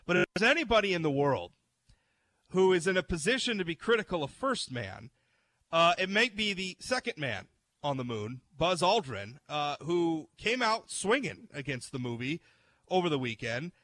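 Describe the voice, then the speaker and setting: A man's voice: on the high side, big pitch swings, moderate pace, a bit bright, no room sound. A man hosting a talk show, chatting casually about the news with frequent restarts and reading articles aloud. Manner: chatty, self-interrupting, reads articles aloud. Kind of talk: casual opinion chat.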